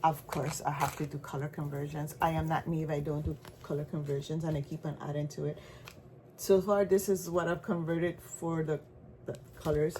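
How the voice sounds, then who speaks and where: A stitching vlogger with a Caribbean accent and a slightly low, dark voice chats in a loose, rambling show-and-tell way, often circling back and restarting sentences with frequent asides. Her intonation is fairly even and her pace moderate, with a faint hiss under her voice.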